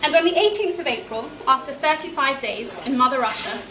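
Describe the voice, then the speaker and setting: Young English woman, high voice, dry self-mocking storyteller at a cafe event, roomy and noisy. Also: animated, fairly quick. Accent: British English. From England. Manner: wry, self-deprecating, with small laughs. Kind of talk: personal travel story told to an audience. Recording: echoey cafe with noisy ambience.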